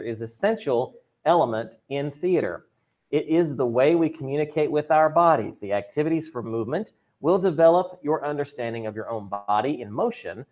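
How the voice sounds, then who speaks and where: Slightly high and a bit mellow, a man's voice carries a virtual drama and chorus lesson, friendly and chatty with playful remarks to the class. He's picked up by his computer mic on the video call.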